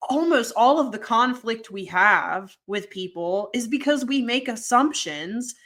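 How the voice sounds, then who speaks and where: A woman's voice: fairly high pitch, lively intonation, unhurried, fairly bright tone. Earnest woman, casual podcast co-host.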